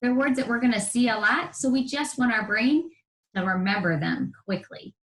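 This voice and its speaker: A woman's voice: fairly high pitch, expressive, moderate pace. A woman teaching first-grade reading, upbeat and encouraging, drawing out sounds for young children. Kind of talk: broadcast classroom lesson to children. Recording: roomy echo.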